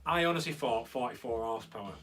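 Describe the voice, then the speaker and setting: A young male host with a medium-pitched, lively, slightly bright voice talks fast on a casual live stream from a converted studio room, chatting and answering viewer comments as they arrive. The slightly distant mic picks up faint guitar music and a little hiss or hum.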